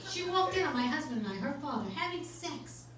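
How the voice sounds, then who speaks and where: A middle-aged woman doing a stand-up comedy set on a club stage, with a deadpan, brash and profane delivery. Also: high voice, a little fast. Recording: echoey club from far off with loud noise.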